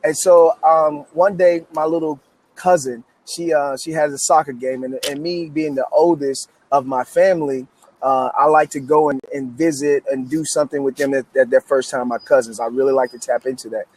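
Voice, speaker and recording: A man in his thirties from Memphis tells his story with keyed-up, emphatic energy, often restarting his sentences. His voice sits a little high for a man, and a faint hum of ambience stays behind him. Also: steady tone, normal speed, darkish tone. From Memphis, United States. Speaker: guest author. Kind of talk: animated storytelling interview.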